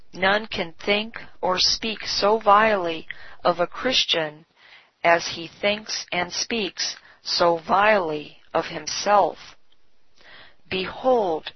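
A woman giving a scripted devotional reading with measured, deliberate phrasing, on a dull, slightly lo-fi recording. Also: on the low side, breathy edge. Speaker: devotional reader.

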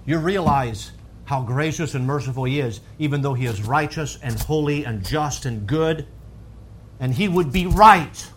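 A man preaching a sermon, swinging from calm teaching to loud, fervent high-pitched emphasis. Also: a little hiss or hum.

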